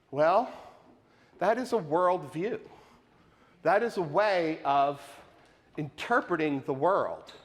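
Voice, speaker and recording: A man preaching a sermon to his congregation, animated and questioning, with lots of rhetorical repetition. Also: a little high, takes it slowly, long pauses. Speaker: pastor. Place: church sanctuary. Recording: live in a reverberant sanctuary.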